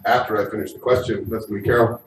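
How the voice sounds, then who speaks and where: A man hosting a live game show, energetic and often shouting, recorded from a distance in an echoey room. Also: on the low side, rapid-fire.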